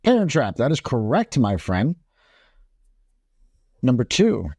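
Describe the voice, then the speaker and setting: A man's voice: medium pitch, slow, long pauses, slightly rough, no room sound. A man co-hosting a casual podcast, chatting loosely with lots of swearing and laughter. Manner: profane, animated, laughs a lot. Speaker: podcast co-host. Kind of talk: casual chat, reading movie quotes.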